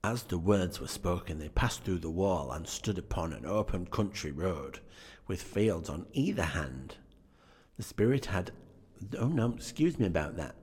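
A man's voice: low voice, sing-song, unhurried, darkish tone, husky. A man casually reading a classic story aloud, stumbling and correcting himself with chatty asides. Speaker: reader. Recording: long hall reverb.

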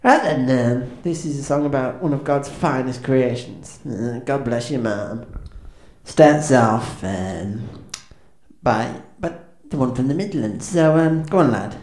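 A man's voice: medium pitch, animated, slow pace, a little mellow. A man doing awkward, self-deprecating stand-up patter as a band's frontman, hesitating with lots of ums and restarts. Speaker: comedic frontman of a band. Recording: echoey room with faint ambience.

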